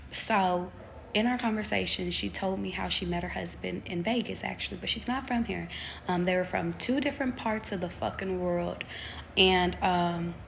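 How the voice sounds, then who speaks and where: A woman's voice: lowish voice, vocal fry, a little hiss or hum. A young woman, a tarot reader, talking casually on a live stream, rambling with lots of ums and the odd swear.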